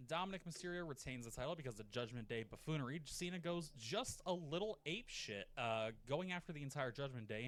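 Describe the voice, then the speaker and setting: A man narrating in a casual, profane, animated way, often slipping into mock quotes. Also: mid-range voice. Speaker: narrator of a wrestling rebooking video. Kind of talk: casual scripted commentary.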